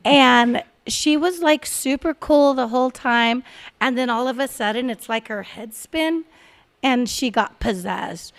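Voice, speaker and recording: Animated woman in her forties telling a story. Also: on the high side. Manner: animated, laughs often, acts out quoted voices. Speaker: podcast guest. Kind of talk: casual storytelling.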